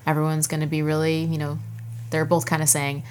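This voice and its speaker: A woman's voice: low-pitched, completely flat delivery, brisk, a little mellow, slight background noise. A woman co-hosting a casual TV recap chat, laughing often and acting out characters' lines. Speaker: podcast co-host.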